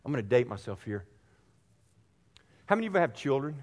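A man's voice: medium pitch, very animated, fairly quick, a little mellow. A man preaching a sermon as pastor, earnest and direct with his congregation, repeating phrases for emphasis. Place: church sanctuary. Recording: long hall reverb.

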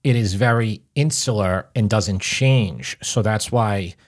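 A man's voice: on the low side, slow pace. A man with a New York accent, co-hosting a podcast with a wry, joking manner in casual chat. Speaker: podcast co-host.

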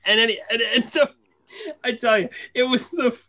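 A man's voice: very high-pitched, moderate pace, sharp tone. A man, a father, telling a family story in casual chat, laughing often and acting out the voices of his family.

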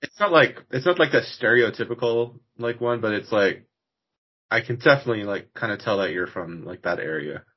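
A podcast host from Washington, United States, speaks in a mid-range voice with lively intonation at a fairly quick pace, over lo-fi sound. In a casual interview chat, he rambles a little and uses many fillers.

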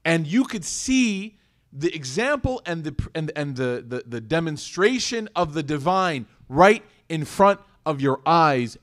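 A man with a slightly higher voice delivers a lively religious lecture. He keeps asking his listeners rhetorical questions. He breaks it up with casual, joking asides. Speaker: Islamic lecturer.

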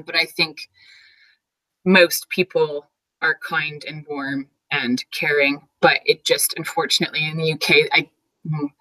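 A woman's voice: deep voice, bright, forceful tone, poor audio. A young adult woman from Canada, a teacher giving an interview in a chatty way, with frequent fillers and laughs. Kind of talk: casual conversational interview.

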